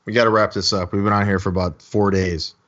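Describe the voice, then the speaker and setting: A man hosting a casual podcast over a video call, relaxed and mostly agreeing. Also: on the low side, fast, dull audio. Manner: laid-back, short agreeing replies. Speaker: podcast host. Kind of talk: casual chat.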